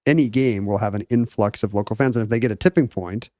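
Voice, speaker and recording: A man's voice: on the low side, fast, a little mellow, dry recording. A man co-hosting a podcast, chiming in with dry, wry remarks in casual chat. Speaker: podcast co-host.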